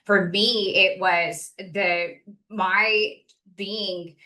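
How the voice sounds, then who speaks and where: Bright-voiced woman hosting a spiritual talk show, enthusiastic, laughs a lot. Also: medium pitch, fairly even intonation, extremely slow. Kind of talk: casual spiritual chat.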